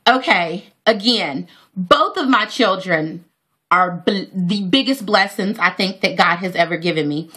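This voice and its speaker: A woman's voice: medium pitch, a little slow, pushed and bright, breathy edge. A woman, telling a heartfelt personal story to her viewers with many fillers and praise for God. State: near tears. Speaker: vlogger.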